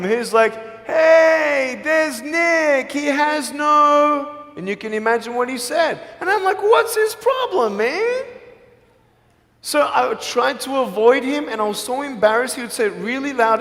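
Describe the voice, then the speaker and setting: A man giving an earnest, personal inspirational speech to a live audience, mixing in quick jokes. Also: very high-pitched, creaky, a bit bright. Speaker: motivational speaker. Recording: echoey hall with long reverb.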